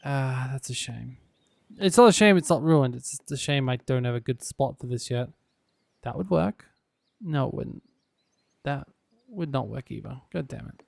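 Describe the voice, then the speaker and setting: A man giving relaxed gameplay commentary, muttering to himself with dry, sarcastic asides. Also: mid-range voice, vocal fry. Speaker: gaming YouTuber.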